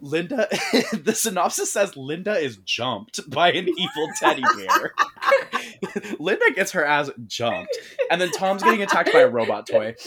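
Man, podcast co-host, lively swooping pitch, crude casual storytelling, quoted voices. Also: a little slow, very noisy. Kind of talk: casual movie recap chat.

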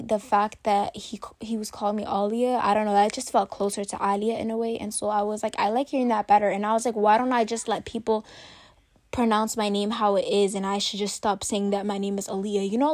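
A woman's voice: mid-range voice, darkish tone, dry recording. A young woman in her teens casually telling a rambling personal story to camera, full of "like" and "literally". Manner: chatty, rambling, heavy use of "like" and "literally". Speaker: vlogger.

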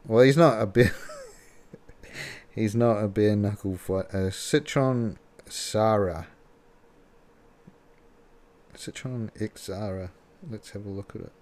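A man's voice: fairly low pitch, dark tone. A man casually commenting on a video clip, laughing often and rambling with fillers. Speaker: reaction video host.

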